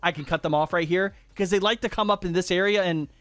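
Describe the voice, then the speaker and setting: A man hosting a gaming channel, giving excitable, rambling live commentary on a match and stumbling over player names. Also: high-pitched, fast, smooth, dry recording.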